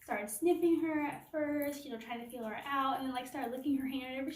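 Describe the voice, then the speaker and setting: High-pitched woman, rambling casual storytime, echoey room, camera set back. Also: steady tone, quick pace, a little mellow. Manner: rambling, heavy use of "like" and "you know". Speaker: vlogger. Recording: echoey room, from a distance, faint noise.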